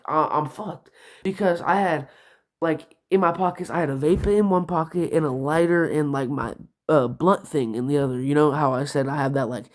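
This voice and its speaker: Young male vlogger, casual profane storyteller, filler-heavy. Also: on the high side. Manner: profane, rambling, heavy use of "like".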